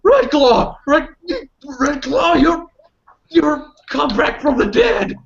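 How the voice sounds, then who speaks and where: A man voicing an overjoyed male werewolf who yelps, stammers and repeats himself in high, breathless bursts. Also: fairly even intonation, measured pace, slight background noise, natural voice. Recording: muffled lo-fi audio.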